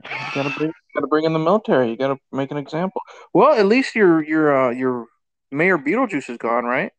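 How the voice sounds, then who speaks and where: A man's voice: a little high, expressive, a little fast, no room sound, highs cut off. Laid-back man co-host, dry close mic. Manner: laid-back, short reactions and sighs. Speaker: podcast co-host. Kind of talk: casual chat.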